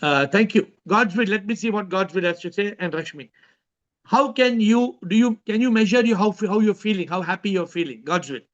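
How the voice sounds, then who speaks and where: A man hosts an online discussion over a video call. His voice sits high and he tells stories with lively, acted-out characters. The call audio is somewhat muffled. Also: a little fast. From India. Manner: animated storytelling, acting out characters. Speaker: host.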